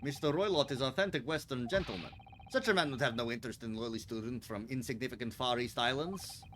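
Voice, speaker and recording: A man voicing a hostile, gruff male sailor in a game, with a put-on Russian accent and broken English. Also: medium pitch, fast talker, a bit bright, a little hiss or hum, lightly acted. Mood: dismissive. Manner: broken English, barking accusations. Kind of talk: voicing game characters on a livestream.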